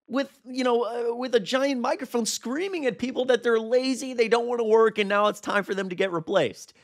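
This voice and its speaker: A man's voice: very high voice, creaky. A young man reacting to a protest video as a political commentator, indignant and exasperated. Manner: indignant, exasperated, quick asides.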